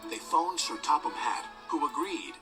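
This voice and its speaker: A man narrating a children's story with expressive storytelling and doing each character's voice. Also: on the high side, a little slow, rough recording. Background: background music.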